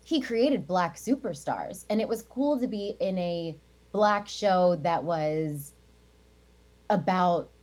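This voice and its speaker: A woman's voice: lowish voice, lively intonation, takes it slowly, a little mellow. An American woman in her thirties, a Broadway actress chatting as an interview guest, with lots of fillers and frequent laughter. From United States. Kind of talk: casual interview chat.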